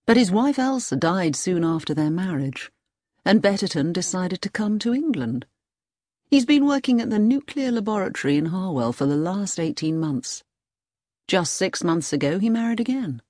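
A woman's voice: fairly low pitch, sing-song, normal speed, darkish tone, dry recording, clean studio sound. Woman reading as a tired desk-bound official. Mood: weary. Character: weary male security official, calm, bookish. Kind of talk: audiobook reading.

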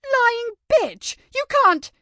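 A woman's voice: sits high, expressive, normal speed, pushed and bright, no echo, studio quality, voice pushed up. A woman voicing a defiant, hot-tempered teenage schoolgirl who talks back angrily and cheekily. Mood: shouting. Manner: cheeky, angry back talk.

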